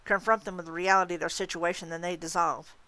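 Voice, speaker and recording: A woman reads a novel aloud in a calm, steady storytelling manner. Her voice sits low for a woman but rings bright and clear. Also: fast talker, dry recording.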